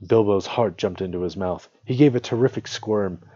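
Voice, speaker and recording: A man reading a storybook aloud on his stream, voice strained and hoarse, with small slips and self-corrections. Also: on the low side, moderate pace, warm tone, dry recording, muffled recording.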